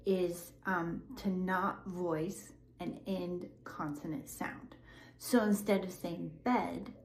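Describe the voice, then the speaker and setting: A woman teaching English pronunciation, carefully drilling word pairs and sounds in a clear, encouraging way. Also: on the low side, a little mellow, slight background noise. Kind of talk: slow, clear pronunciation lesson. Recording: echoey room with faint ambience.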